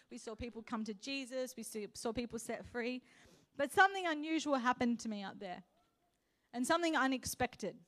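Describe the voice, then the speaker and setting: High-voiced impassioned young woman preaching. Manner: impassioned, rising to loud exhortation. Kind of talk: sermon.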